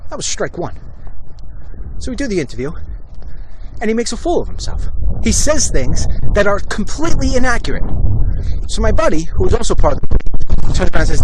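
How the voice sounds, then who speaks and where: A man's voice: a little high, sing-song, fast, a little hiss or hum. A man from Long Island, hosting a walk-and-talk vlog and telling stories bluntly with acted-out quotes. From Long Island, New York. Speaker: host. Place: outdoors, walking.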